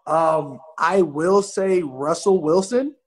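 A man chatting as a guest on a podcast, telling animated stories and acting out quoted voices. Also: fairly high pitch, slow. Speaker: guest football player. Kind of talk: casual podcast chat.

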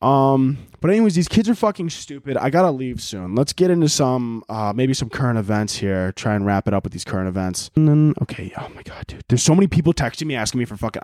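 A man's voice: medium pitch, lively intonation, a little fast, a little mellow, no room sound, clean studio sound. A man hosting a comedy podcast, delivering a profane, exasperated comedic rant. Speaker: podcast host. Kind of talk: ranting comedic monologue.

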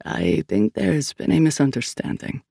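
A female narrator voicing a deep-voiced older male priest who speaks in a measured, studiously calm way, in an audiobook. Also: vocal fry, breathy edge, no echo, studio quality, heavily acted.

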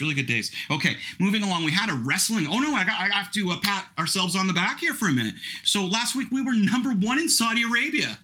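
A man's voice: fairly high pitch, pushed and bright, slightly rough. A middle-aged man hosting a podcast, chatting casually in a rambling, self-mocking way. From Canada. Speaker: podcast host. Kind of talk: casual chat.

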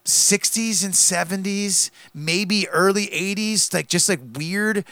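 A man's voice: high-pitched, fairly even intonation, takes it slowly, pushed and bright, no room sound. A man co-hosting a casual podcast chat, rambling and enthusiastic, with casual swearing.

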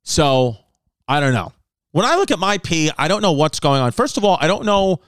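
Brash, foul-mouthed comedian, fairly high-voiced. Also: male voice, normal speed, clean tone, no room sound. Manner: loud, brash, swears a lot, animated voices for others. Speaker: comedian podcast host. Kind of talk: crude comedic podcast riffing.

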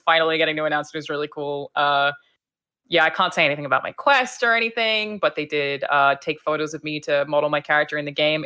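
A woman co-hosting a casual podcast, chatting excitedly with plenty of fillers. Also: low voice. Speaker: co-host.

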